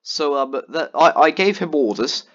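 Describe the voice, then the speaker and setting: A man's voice: a little high, expressive, a little slow, muffled recording. A man telling a long, exasperated story about a gaming friend, with lots of ums and restarts. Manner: rambling, exasperated storytelling with many fillers. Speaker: gaming vlogger. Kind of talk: casual ranting commentary over gameplay.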